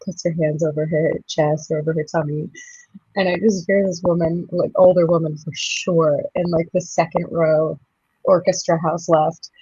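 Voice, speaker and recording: A woman in her thirties, a stage actress, telling lively stories in a casual interview and laughing often. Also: low voice, husky, dry recording, highs cut off. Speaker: touring musical theatre actress, guest.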